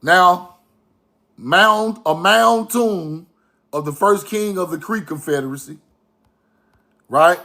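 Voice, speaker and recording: Man, high voice, slow, emphatic, repetitive, casual commentary. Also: pushed and bright. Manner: emphatic, repetitive, asks viewers rhetorical questions. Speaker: online history commentator. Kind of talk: casual video commentary to viewers.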